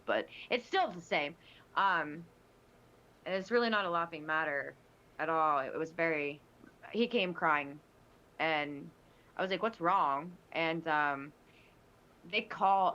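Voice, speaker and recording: This woman has a low voice, and the sound is lo-fi. Chatting casually on a podcast, she tells stories animatedly, restarting often and slipping into quoted voices.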